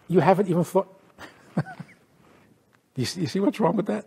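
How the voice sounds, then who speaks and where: A rabbi teaching a lively lecture, teasing his listeners with rhetorical questions. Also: sits high, moderate pace, vocal fry, long pauses, slightly rough.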